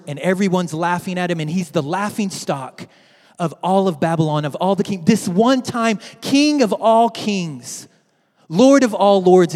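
A man preaching a sermon to his church, dramatic and swinging from loud to hushed. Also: fairly high pitch, long reverb tail. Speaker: pastor.

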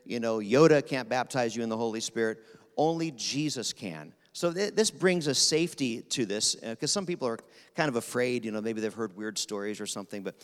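A man from Pennsylvania, preaching a sermon as guest speaker in a quick, animated, rapid-fire way. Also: medium pitch. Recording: long reverb of a large hall.

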